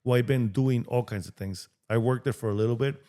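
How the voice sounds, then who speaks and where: Mexican-born man, middle pitch, animated storyteller, podcast guest. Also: fairly quick. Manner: animated, acts out quoted dialogue. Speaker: podcast guest, real estate agent. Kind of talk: storytelling interview talk.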